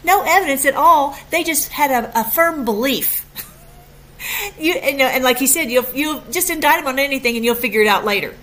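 A woman hosting a political commentary show, talking in an excited, emphatic way with frequent restarts. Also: high voice, fairly quick. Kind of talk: casual commentary.

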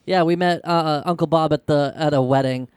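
A man hosting a podcast in relaxed casual chat, laughing easily and rambling with fillers. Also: a little high, brisk, smooth, no room sound, studio quality. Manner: laid-back, laughs, many "like" fillers. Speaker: podcast host.

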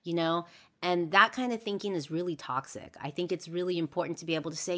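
A young adult woman speaks in a notably low register, hosting her own podcast. She talks candidly and earnestly, circling back with fillers and restarts as she reflects out loud. Her tone is an unscripted monologue. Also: fast. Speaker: podcast host.

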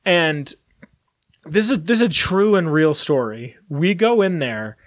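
A man hosts a podcast in loose, casual chat. He wanders from story to story, swears easily and talks from a high voice for a man. The sound is dry and close, with no room around it. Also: expressive, measured pace, no echo. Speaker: podcast host.

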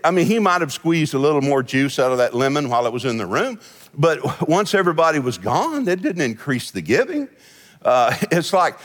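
Folksy pastor with a lively voice. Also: male voice, fairly high pitch. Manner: folksy, storytelling, laughs often. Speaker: senior pastor. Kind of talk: conversational sermon with humor. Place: church sanctuary. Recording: long hall reverb.

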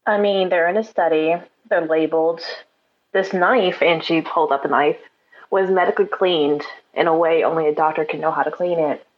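A woman's voice: deep voice, fairly even intonation, normal speed, dull audio. A woman on a headset playing a tabletop game, eager and full of questions. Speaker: player. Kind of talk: tabletop role-play.

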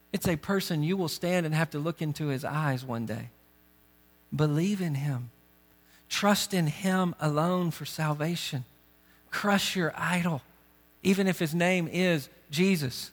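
Male pastor, earnest and urgent, slightly high voice, sermon with a ringing hall. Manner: earnest, urgent preaching with direct questions to the congregation. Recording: long reverb of a big hall.

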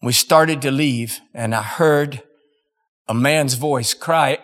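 A male preacher telling a story in a sermon, dramatic and emphatic, with weighty pauses. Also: medium pitch, a bit bright. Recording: long reverb in a large hall.

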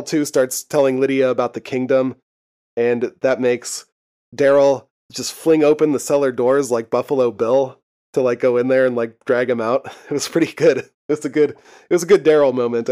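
A man's voice: mid-range voice, fairly even intonation, normal speed, warm tone, clean tone. A young man co-hosting a podcast, casually recapping a TV episode, laughing often and swearing freely. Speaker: podcast co-host. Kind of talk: casual chat recapping a TV show.

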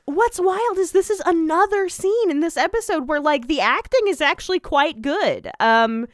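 A woman's voice: very high-pitched, lively intonation, moderate pace, no echo, studio quality. A woman co-hosting a podcast, recapping a show in casual chat with lots of "um" and "like" fillers, acting out quotes. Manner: chatty, many "um" and "like" fillers, acts out quotes. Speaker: podcast co-host.

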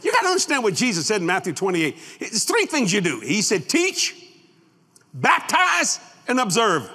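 A man's voice: high-pitched, huge pitch swings, fast, bright, forceful tone, slightly rough. A man preaching a sermon, folksy and boastful, laughing at his own lines. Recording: long hall reverb.

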